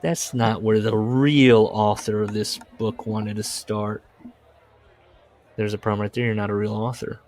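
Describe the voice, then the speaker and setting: Man, low-pitched voice, podcast co-host, casual comedic chat, mock-solemn reading. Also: steady tone, measured pace, a little mellow. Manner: reads quotes aloud with mock solemnity, laughs often. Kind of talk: casual comedic book discussion.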